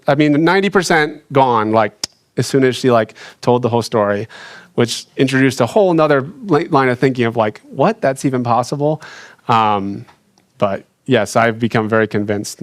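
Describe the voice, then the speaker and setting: A young adult man sharing a personal faith story, earnest and halting, with frequent restarts and fillers. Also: mid-range voice, dry recording, clean studio sound. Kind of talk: reflective personal testimony.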